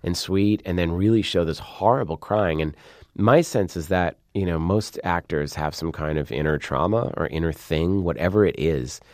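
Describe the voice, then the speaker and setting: A man, a film director, giving an interview and telling lively anecdotes, acting out quotes with sudden loud outbursts. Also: low-pitched, normal speed, dry recording, studio quality. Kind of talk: interview, animated storytelling.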